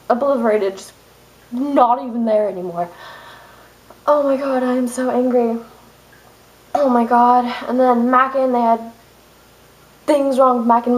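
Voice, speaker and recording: Young woman, vlogger, angry rant to camera, higher voice, exasperated outbursts. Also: darkish tone, low-quality recording. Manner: fast, exasperated ranting with outbursts.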